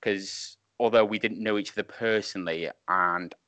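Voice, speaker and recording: A man's voice: lowish voice, fairly even intonation, normal speed, fairly bright tone, no room sound. A man, a wrestling referee guest, telling rambling anecdotes with chuckles over a video call. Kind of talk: casual chat. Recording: muffled Skype call audio.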